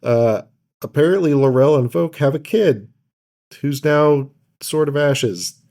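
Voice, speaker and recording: Mellow-voiced man in a relaxed recap. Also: fairly high pitch, slow pace. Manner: relaxed, loose plot recap with many fillers. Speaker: podcast co-host recapping an episode. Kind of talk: casual chat.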